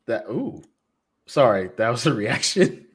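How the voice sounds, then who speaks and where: Guy cohosting a podcast, goofy and animated, middle pitched, talks loud then soft. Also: a little slow, background noise. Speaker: podcast co-host. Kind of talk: casual chat with show promos.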